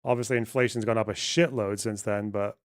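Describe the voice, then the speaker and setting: A man's voice: on the low side, steady tone, fairly quick, no room sound, studio quality. A man in his thirties hosting a live stream, blunt, sweary and offhand as he chats with callers. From Britain. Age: 30s. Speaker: livestream host. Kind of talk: casual live-stream chat.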